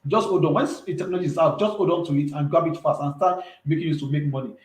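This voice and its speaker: A man's voice: fairly high pitch, fast talker, roomy sound, poor audio. A man, talking earnestly and emphatically as an entrepreneur guest in a casual interview, often repeating himself.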